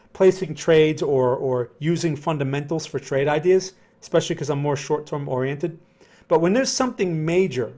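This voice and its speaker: A trading educator hosts a live market-analysis stream, talking slowly and deliberately in a conversational way. His voice is fairly high and a bit mellow, and he repeats words while reading chat comments aloud and responding to them.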